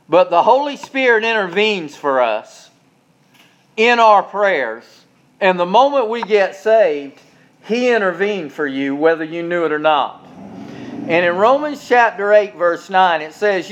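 A high-voiced man preaches a sermon, weaving homespun childhood stories into scripture. His delivery is folksy and builds to fervent conviction. The recording sounds dull and lo-fi. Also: lively intonation, unhurried. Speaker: pastor. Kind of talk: sermon with personal storytelling.

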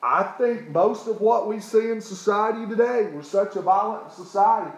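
A man's voice: high voice, moderate pace, roomy sound, poor audio. A man from East Tennessee, preaching a sermon in a folksy way and often checking in with the listeners. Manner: folksy, often asks "okay?". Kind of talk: sermon with a personal story.

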